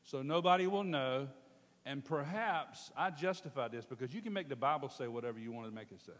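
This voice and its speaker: A man preaching a storytelling sermon, animated and calling out to his congregation. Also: medium pitch, fast talker. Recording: long hall reverb.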